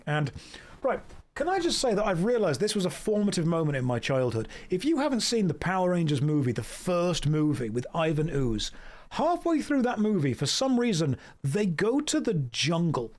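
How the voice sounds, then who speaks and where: A man's voice: sits high, very animated, normal speed, a little mellow. A young man streaming, rambling casually and slipping into playful baby talk with his dogs. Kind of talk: casual live-stream chat.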